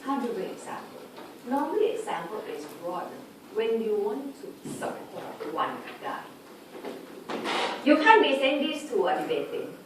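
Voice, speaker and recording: A woman's voice: fairly high pitch, sing-song. A woman tutor giving an informal exam revision lecture, often checking in with her students through tag questions. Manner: chatty, lists examples briskly. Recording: echoey room recorded from far off with background noise.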